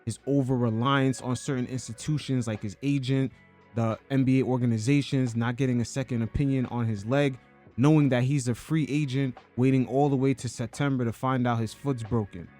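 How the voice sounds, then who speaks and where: A man's voice: medium pitch, fairly even intonation, a little fast, warm tone, faint music behind. A man hosting a podcast, giving casual, joking commentary on an interview clip. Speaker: podcast host.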